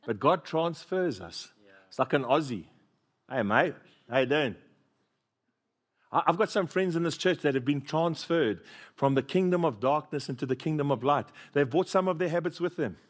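Preaching with expressive energy, this pastor speaks a little quickly in a voice on the high side. His sermon mixes funny storytelling with prompts for the congregation to echo his words.

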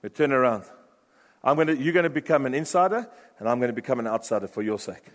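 A man preaching a sermon with passion, shifting from loud urgent bursts to hushed, low phrases. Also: expressive, fast talker. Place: church hall. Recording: long reverb of a large hall.

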